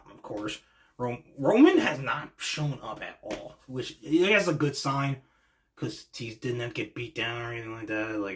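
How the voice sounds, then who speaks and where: A man hosting a wrestling reaction show, talking in an excitable, slangy way that swings between hushed and loud. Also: medium pitch, a little hiss or hum. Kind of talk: casual reaction commentary.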